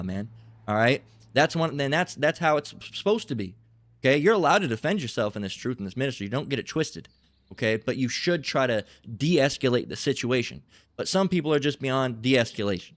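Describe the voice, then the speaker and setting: A man's voice: medium pitch, big pitch swings, fairly quick, no room sound. A man preaching in a blunt, profane, emphatic style, repeating himself and acting out quarrels.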